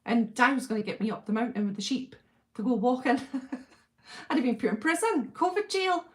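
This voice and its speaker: Welsh woman host, middle-aged, chatty fan-chat livestream, warm gushing delivery with frequent laughs. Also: fairly high pitch, moderate pace. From Wales. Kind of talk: casual chat reading viewer comments.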